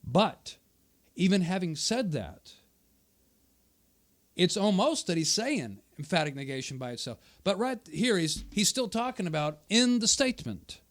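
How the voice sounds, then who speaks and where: A male channel host with a high voice and big pitch swings speaks unhurriedly. He offers argumentative commentary on a debate video, attacking his opponent's quoted words and pounding his points through repetition.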